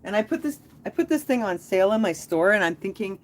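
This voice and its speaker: A woman's voice: medium pitch, animated, fast talker, slight background noise. A woman hosting a casual live stream, talking in a rambling, chatty way that jumps from topic to topic.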